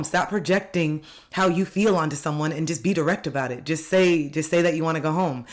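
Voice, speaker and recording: A woman's voice: low-pitched, brisk, hardly any pauses. A woman life coach giving an earnest, direct motivational self-help talk, repeating key phrases for emphasis.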